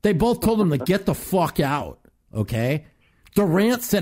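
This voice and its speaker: Ranting lively talk show host man. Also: high-pitched, unhurried. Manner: profane, ranting, animated.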